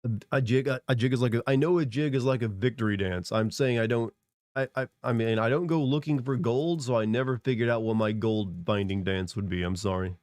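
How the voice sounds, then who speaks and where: A man's voice: medium pitch, fairly quick, darkish tone, dry recording, studio quality. A congested man streaming, rambling casually as he answers chat. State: congested from a cold.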